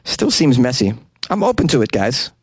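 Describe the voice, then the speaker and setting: A man's voice: medium pitch, very animated, moderate pace, husky, dry recording, studio quality. A man hosting a casual show who reads out odd news items and reacts with sarcastic jokes and casual swearing. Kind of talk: casual commentary on news stories.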